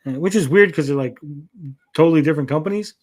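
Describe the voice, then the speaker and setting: A man's voice: a little high, fast talker, darkish tone. Rambling, chatty man hosting a show. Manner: rambling, frequent "uh" fillers and repeated words; reads out chat comments and reacts, swears casually. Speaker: podcast host. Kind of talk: casual chat about gaming news.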